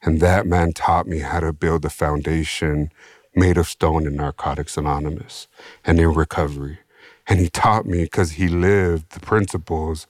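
A middle-aged man with a Chicano English accent, a podcast guest telling his recovery story in streetwise slang, animated and slipping into other people's voices. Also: rumbling low, dry recording, clean studio sound. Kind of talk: casual storytelling interview.

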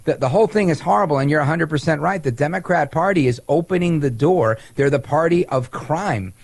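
Lively, sarcastic talk radio host man. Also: fairly high pitch, brisk, no room sound. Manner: lively and sarcastic, stumbles over words.

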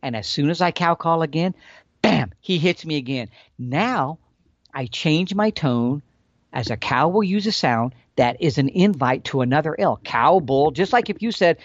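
A man explaining elk calling tactics in a folksy, animated storytelling manner. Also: fairly high pitch, normal speed, no echo, highs cut off. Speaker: elk hunting instructor.

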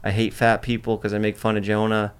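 A man's voice: lowish voice, completely flat delivery, fairly quick, clean tone. A man hosting a podcast in casual chat, brash and boastful, swearing freely as he talks. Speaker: podcast host.

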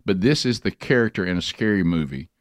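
A man co-hosting a talk radio show, halting and repeating words in folksy banter. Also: sits low, expressive, no room sound, studio quality. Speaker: radio co-host.

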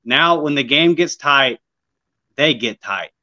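A man co-hosts a sports podcast in casual, blunt slang. His voice is bright and forceful. The recording is dry, dull and lo-fi. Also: medium pitch, expressive, takes it slowly, no echo. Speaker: podcast co-host.

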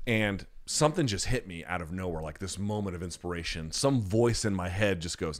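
A young adult man hosting a podcast, telling a profane, animated story in a casual chat and answering questions. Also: sits low, a little fast, few pauses. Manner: profane, animated storyteller acting out other voices. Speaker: podcast host.

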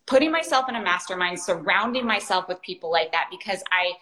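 A woman's voice: on the low side, animated, fairly quick, pushed and bright, rough recording. A woman coach in casual conversation, chatty and enthusiastic, peppering her talk with "like" and "right?". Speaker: life and business coach.

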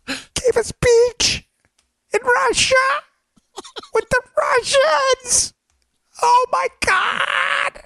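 A man putting on the voice of an overexcited male investigator, gleeful and shrill in mockery. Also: steady tone, extremely slow, gravelly, pauses often, sharp tone, no room sound, exaggerated voice. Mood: giddy.

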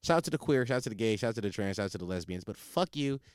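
A man's voice: lowish voice, animated, racing, clean tone, dry recording, clean studio sound. A man hosting a podcast, ranting in a profane, comedic monologue with frequent restarts. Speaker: podcast host.

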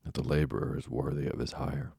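A man reading an audiobook, voicing a genteel, pious, middle-aged aunt who speaks brightly and earnestly. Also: very deep voice, flat delivery, a little fast, vocal fry, breathy edge, no echo, studio quality, exaggerated voice.

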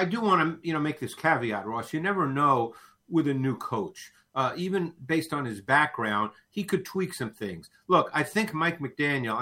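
Bright-voiced man breaking down football. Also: medium pitch. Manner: thoughtful, repeats words when starting sentences. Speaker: football analyst. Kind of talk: casual sports talk.

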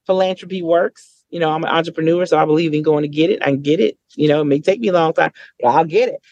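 Lively storytelling woman, dry sound. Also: fast talker, no echo, highs cut off. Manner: lively, acts out quoted voices with big pitch jumps. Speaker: guest. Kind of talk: conversational storytelling.

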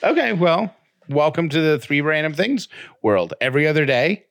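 A man's voice: fairly high pitch, big pitch swings, normal speed, a bit bright, no echo, studio quality. A man co-hosting a podcast, chatting casually and teasing his co-host with wisecracks. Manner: teasing, jokey, interrupts with wisecracks. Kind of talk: casual chat.

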